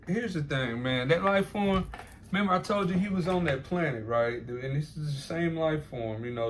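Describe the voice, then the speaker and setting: A man with an ordinary middle-pitched voice rambles through a casual monologue. He swears freely and laughs to himself between repeated phrases. A faint hiss sits under the recording. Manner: profane, repetitive, laughing asides.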